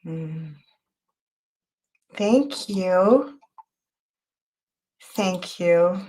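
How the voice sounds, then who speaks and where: A woman's voice: lowish voice, lively intonation. Intense, emotional woman tarot host. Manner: emotional and intense, thanking viewers by name; spiritual, guiding talk with quick changes of loudness. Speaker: tarot reader and show host. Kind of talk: live psychic tarot reading, chatting with viewers.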